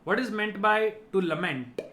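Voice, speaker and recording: A teacher with a high, expressive voice gives a vocabulary lesson at a measured pace, his tone pushed and bright. He explains each word, repeats the key ones, and closes his points by checking in with "right?"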